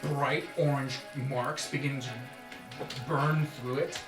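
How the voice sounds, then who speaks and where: A man's voice: medium pitch, steady tone, unhurried. A man running a tabletop game as dungeon master, moving between dramatic scene narration and casual rulings. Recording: roomy recording with music.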